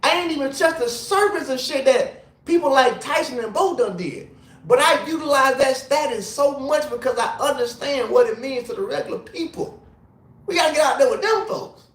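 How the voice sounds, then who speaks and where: Tipsy, animated man ranting in echoey room. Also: very high-pitched, normal speed. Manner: animated, rambling, profane venting. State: tipsy from drinking. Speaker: livestream host and former sprinter. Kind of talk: casual livestream rant. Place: hotel room.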